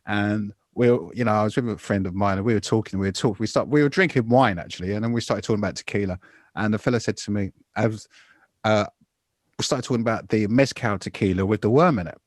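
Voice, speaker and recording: A low-pitched man in his fifties hosts a podcast, spinning a rambling anecdote with lots of animation. The recording is dry and close, with no room sound. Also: fast talker, no echo. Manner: animated, rambling storyteller who says "mate" a lot. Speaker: podcast host. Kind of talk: casual chat, storytelling.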